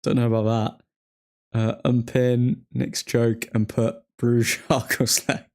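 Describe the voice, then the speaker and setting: A man's voice: mid-range voice, flat delivery, takes it slowly, darkish tone. A young man hosts a live football watchalong, chatting casually and replying to viewers' messages. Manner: chatty, reacting to the game and replying to chat. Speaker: livestream host.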